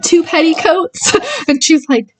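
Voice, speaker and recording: A woman's voice: very high voice, expressive, slow, dry recording, far from the mic, poor audio. A woman casually reviewing a book, retelling the plot in a rambling way with many fillers and laughs.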